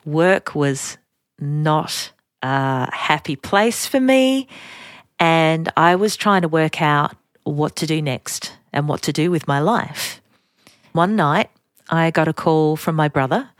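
A woman's voice: low-pitched, slow pace, dry recording, studio quality. A middle-aged woman with an Australian accent, hosting a podcast and telling personal stories in a chatty, self-deprecating way. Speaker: podcast host. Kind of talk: personal storytelling.

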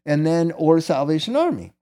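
A man's voice: on the high side, very animated, moderate pace, mellow. A middle-aged man casually telling a long personal story as a guest, candid and rambling, often tagging "right?" onto his sentences.

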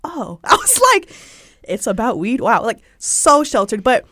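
Slightly high-pitched and a little slow, this young Georgia woman with a Southern accent is an interview guest telling casual personal stories. She chats along with plenty of "like" fillers and animated quoted voices. The clean studio sound has no room sound.

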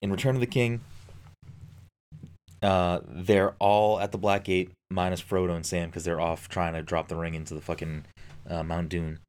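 A man's voice: deep voice, level tone, normal speed, a little mellow, clean tone. A man chatting casually and enthusiastically, swearing often and using lots of fillers. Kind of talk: casual podcast chat.

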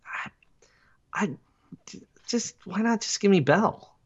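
Brief: male podcast co-host, lively swinging pitch, muffled lo-fi audio, skeptical banter. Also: a little slow, husky. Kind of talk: casual chat.

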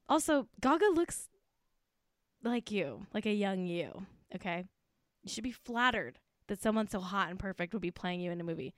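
A woman hosting a casual podcast, ranting in a profane, excitable and mock-outraged way. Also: medium pitch, normal speed, clear, resonant tone, no room sound, clean studio sound. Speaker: podcast host.

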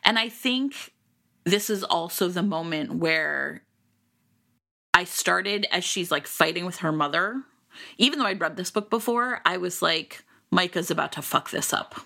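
A woman co-hosting a podcast, chatting casually about a book in an animated, rambling way with lots of fillers. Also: fairly low pitch, measured pace, gravelly. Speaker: podcast co-host. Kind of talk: casual book-discussion chat.

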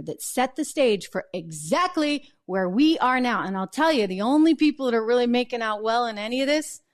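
Brief: middle-aged woman host, casual political commentary to camera, chatty, wry, laughs easily, medium pitch. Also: a little mellow. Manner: chatty, sarcastic, laughs often.

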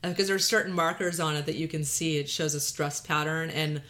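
Her voice sits low with fairly even intonation, a little fast and a bit bright. This podcast host blends a Texas drawl with Valley Girl inflection, keeping the chat casual, self-deprecating and full of laughter.

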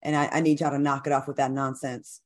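A woman's voice: a bass voice, level tone, fast talker. A woman co-hosting a casual news talk show, speaking in a conversational, chatty way with many fillers. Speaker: co-host.

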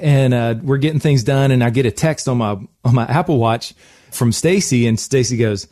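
A man hosting a radio show, telling a lively personal story with frequent laughs. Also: medium pitch, moderate pace, no echo, clean studio sound.

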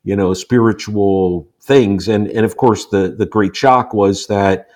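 A man in his sixties from the United States, a guest telling personal stories in a relaxed interview and acting out the quotes. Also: a little slow. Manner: animated storyteller, acts out quotes with rising pitch. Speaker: guest, author. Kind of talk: storytelling in a casual interview.

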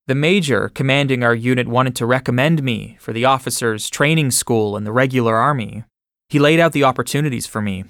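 A man's voice: medium pitch, a little fast, a bit bright, no room sound. Man narrating a memoir, dry sound. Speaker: audiobook narrator. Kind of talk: first-person memoir narration.

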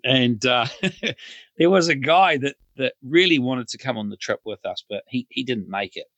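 Bright-voiced New man telling stories. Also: medium pitch, normal speed, no echo, lo-fi sound. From New Zealand. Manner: chuckling storyteller. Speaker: guest. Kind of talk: casual anecdote.

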